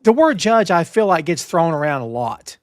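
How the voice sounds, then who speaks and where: A man hosting a wrestling news talk show, emphatic and animated, with lots of restarts. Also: on the high side, normal speed, no echo, clean studio sound. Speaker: podcast host. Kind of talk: casual wrestling news chat.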